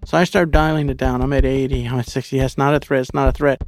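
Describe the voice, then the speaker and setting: A man's voice: mid-range voice, level tone, fast, loud music behind the voice. A man as an interview guest, telling a personal story candidly and with profanity, acting out his own inner thoughts.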